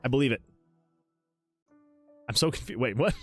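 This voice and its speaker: Excitable man hosting a livestream. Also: mid-range voice, measured pace, slightly rough, faint music behind. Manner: excitable, laughs often, reads chat messages aloud. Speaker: livestream host and game developer. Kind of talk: casual livestream chat.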